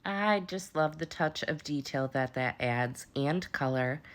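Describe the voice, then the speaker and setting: A woman with a low voice and a stuffy, allergy-clogged nose walks viewers through a craft project. She keeps it chatty and upbeat, as if talking to friends. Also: a little slow. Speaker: papercraft tutorial host. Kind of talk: casual crafting tutorial.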